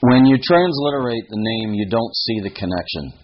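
A man teaching a Bible passage verse by verse, deliberate and emphatic, speaking straight to his listeners. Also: medium pitch, animated, highs cut off.

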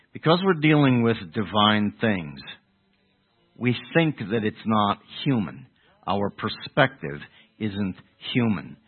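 A man preaching an expository sermon, halting and correcting himself as he goes, asking the listeners rhetorical questions. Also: lowish voice, husky. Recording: tinny phone-like narrow sound.

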